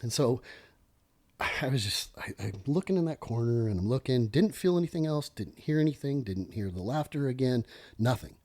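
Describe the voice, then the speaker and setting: A middle-aged man, a former police lieutenant, telling a story as a podcast guest in an animated, self-interrupting way. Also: medium pitch, moderate pace.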